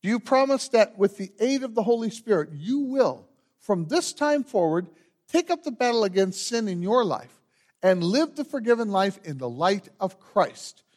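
Male pastor, high voice that swoops around a lot, slow solemn church liturgy. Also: sing-song, a little mellow. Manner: measured, solemn liturgical delivery.

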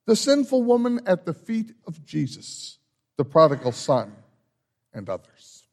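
A pastor, a man, reads the order of confession in a measured, solemn cadence. His voice is fairly high for a man and swings widely up and down. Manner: measured, solemn liturgical delivery with lively rises. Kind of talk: church announcements and liturgy.

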